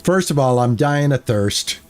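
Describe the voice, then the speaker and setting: A man's voice: medium pitch, lively intonation, a little slow, a little mellow, clear, resonant tone, faint music behind. A man streaming a game, chatting with his viewers and easily exasperated as he plays. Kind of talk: casual gameplay commentary.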